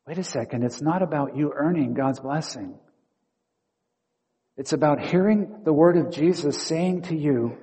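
A male pastor preaching a story-filled sermon, acting out inner dialogue and shifting between quiet and loud. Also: a little high, measured pace, pauses often. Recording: long hall reverb.

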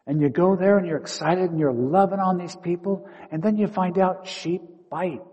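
A male pastor preaching a story-filled sermon, acting out inner dialogue and shifting between quiet and loud. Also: sits high, normal speed, few pauses. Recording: long hall reverb.

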